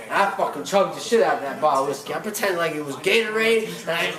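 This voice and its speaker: A man's voice: fairly high pitch, fast, distant mic. A man doing stand-up, telling a long profane story in rambling slang. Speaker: stand-up comedian. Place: comedy club stage with audience. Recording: roomy club with crowd noise.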